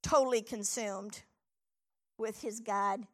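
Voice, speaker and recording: A woman's voice: medium pitch, fairly even intonation, slow pace, fairly bright tone. A middle-aged woman preaching a sermon, telling a scripture story with animation and reading verses aloud.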